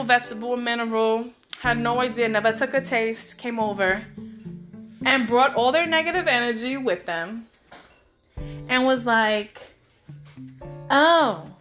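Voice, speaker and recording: High-voiced chatty woman host. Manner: chatty and animated, with playful asides to listeners. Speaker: podcast host. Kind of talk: casual storytelling monologue.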